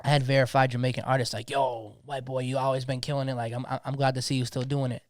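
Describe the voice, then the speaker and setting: Fast-talking passionate young man. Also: mid-range voice, flat delivery, no room sound, clean studio sound. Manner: passionate, slangy, repeats words when worked up. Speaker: DJ guest. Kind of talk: casual podcast conversation.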